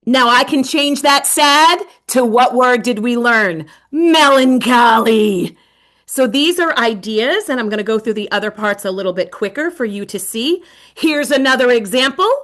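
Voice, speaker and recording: Animated middle-aged woman presenter. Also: a little high, moderate pace. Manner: animated, with dramatic whispered asides. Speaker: teacher presenter. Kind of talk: webinar presentation.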